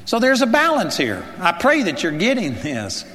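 At a normal speed, a man preaches with a high voice whose pitch swoops wildly, sounding pushed and bright, with slight hiss or hum. He's earnest and conversational, asking rhetorical questions, and the recording carries long hall reverb.

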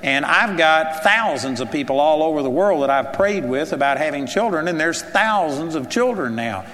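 Man, preacher, high voice, conversational sermon, rhetorical questions, reverberant hall. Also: lively intonation, moderate pace, a bit bright.

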